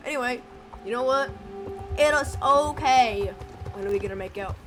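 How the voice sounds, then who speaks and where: A woman's voice: a little high, moderate pace, pauses often. A young woman streamer chatting casually, playful and mock-bossy, swearing and hurling silly insults. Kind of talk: casual chat. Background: music.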